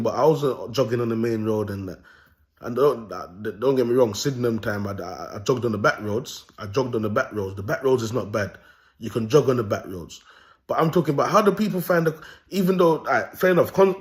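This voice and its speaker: A young man with a London accent hosting his own video, ranting in comic commentary, swearing freely and laughing at his own jokes. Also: mid-range voice. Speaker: host.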